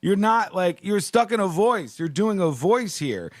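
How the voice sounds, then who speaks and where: A man's voice: high-pitched, big pitch swings, unhurried, slight background noise. A man hosting a radio talk show, telling a celebrity story in a mocking, exasperated way and laughing along. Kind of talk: animated radio chat about celebrity news. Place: radio studio.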